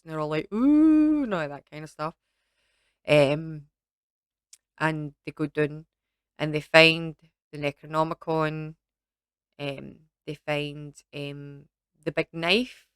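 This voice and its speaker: A Scottish woman chats her way through a film review, wandering off on tangents and filling gaps with ums. Her voice sits low and comes across smooth and clean. The sound is dry and close, with no room around it. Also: a bit bright, dry recording. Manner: rambling, lots of ums and asides. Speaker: vlogger reviewing films. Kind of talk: casual chatty film review.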